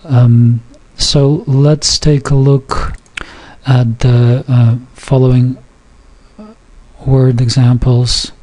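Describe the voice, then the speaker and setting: A man teaching a language class on a recording, reading from the course book and explaining the sounds. He speaks very slowly and haltingly, with frequent ums and restarts, at a medium pitch. He stretches out example words so each sound can be heard. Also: level tone, mellow. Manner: halting, many fillers and restarts, slow and careful. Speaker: Yiddish teacher. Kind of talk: informal recorded lesson, reading from a textbook.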